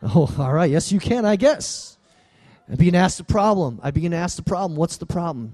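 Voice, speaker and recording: A man with a high, light voice preaches a sermon. He talks to the congregation in call-and-response asides, drawing amens and asking if they hear him. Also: animated, brisk, dark tone. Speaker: pastor.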